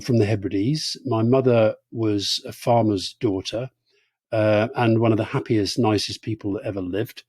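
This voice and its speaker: A man in his sixties from Scotland, co-hosting a casual conversation, brisk with frequent ums and uhs. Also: mid-range voice, mellow, husky, no echo, studio quality. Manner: brisk, fills pauses with um and uh. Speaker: podcast co-host.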